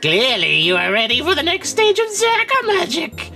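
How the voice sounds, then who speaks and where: A man putting on a high, creaky witchy voice to read a witch's note aloud in a video game. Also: huge pitch swings, moderate pace, bright, forceful tone, soft background music, exaggerated voice. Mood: grand, mocking. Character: creaky, theatrical old witch woman.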